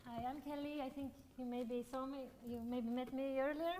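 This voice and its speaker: A woman's voice: high voice, steady tone, normal speed, dark tone, long reverb tail. A woman moderating a session, reading out student questions in a chatty way with many fillers.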